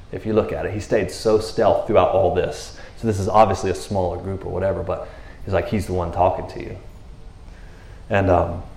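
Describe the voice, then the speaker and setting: Laughing often and asking "you know what I mean" over and over, a man delivers a loose, animated sermon that feels like a conversation with his listeners. His voice is lowish, and the audio sounds roomy.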